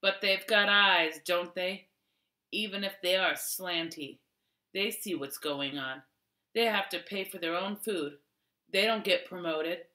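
Lady putting on a rough hoarse old-west guy, storybook voice, echoey. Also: on the low side, a little slow, bright, forceful tone. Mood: gruff. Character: hoarse, coarse frontier man.

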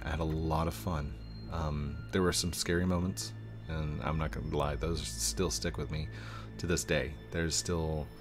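A man in his thirties, a gaming YouTuber, answering viewer questions in a rambling, casual way that swings from somber to excited. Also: deep voice. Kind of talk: casual Q&A chat. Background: faint music.

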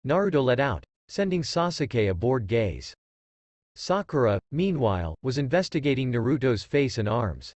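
A man reads a fan fiction story aloud in a steady storytelling manner. His pitch moves with lively swings, and the sound is dry and close to the mic. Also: moderate pace, dry recording. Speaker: story reader.

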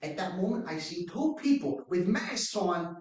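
A man's voice: high-pitched, animated, moderate pace, pitched above the performer's own voice. A man playing a brash, chatty male witness who uses folksy, slangy grammar in a mock trial performance. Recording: echoey room from far off.

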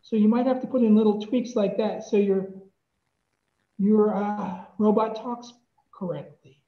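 A presenter giving a relaxed, chatty tech demo at a club meetup. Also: mid-range voice, unhurried. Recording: echoey, dull room mic.

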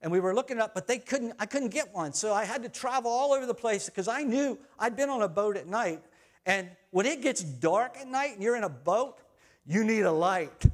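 A middle-aged male pastor whose voice sits high for a man, preaching in a church. He slips easily from scripture into chatty personal anecdotes, animated and conversational. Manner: chatty storytelling, animated swings in loudness. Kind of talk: sermon with personal stories. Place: church sanctuary.

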